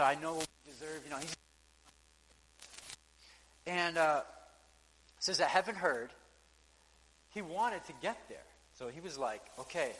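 A man preaching in a church sanctuary, with a fairly high and bright voice. He talks in a loose, conversational way and acts out the quoted lines. The long reverb of a big hall trails after his words. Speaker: pastor. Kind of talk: sermon.

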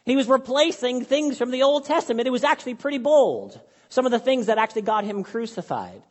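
A man with a high voice preaches to his congregation in an earnest, conversational way, leaning on repetition to drive points home. The sound carries a long hall reverb from the church sanctuary. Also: big pitch swings, brisk. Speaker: pastor. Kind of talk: sermon.

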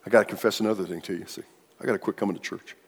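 A man preaching a sermon as pastor in a church, animated and joking with the congregation. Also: fairly low pitch, rapid-fire, vocal fry, slightly rough. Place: church sanctuary. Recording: long church-hall reverb.

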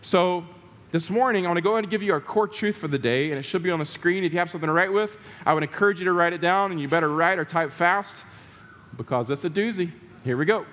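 A man's voice: high voice, fast talker, a bit bright, big-room sound. A man preaching a sermon to his church, emphatic, repeating key words and putting questions to the congregation. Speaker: pastor. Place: church sanctuary.

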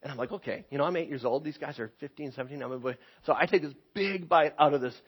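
A man preaching a sermon, telling a personal story with lively energy and repeating words as he starts phrases. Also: on the high side, fast, slightly rough, lo-fi sound.

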